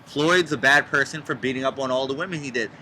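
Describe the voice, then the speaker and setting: A man's voice: medium pitch, fast, pushed and bright, slight background noise, low-quality recording. A man giving blunt, opinionated remarks in a casual chat outdoors in a backyard. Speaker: podcast co-host.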